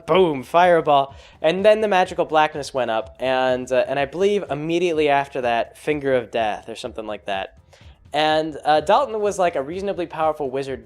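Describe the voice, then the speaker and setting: A man with a somewhat high voice tells the story of a tabletop game session in a loose, rambling way. He leans on filler words and chuckles as he goes. Soft music plays faintly behind him. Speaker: podcast host recapping a tabletop game. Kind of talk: casual storytelling recap.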